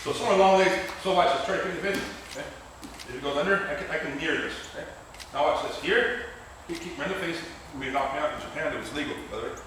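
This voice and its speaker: A man's voice: a little high, rapid-fire, background noise. A man teaching grappling technique while telling a rambling, profane story, laughing often. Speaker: grappling instructor. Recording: very echoey gym, mic far off.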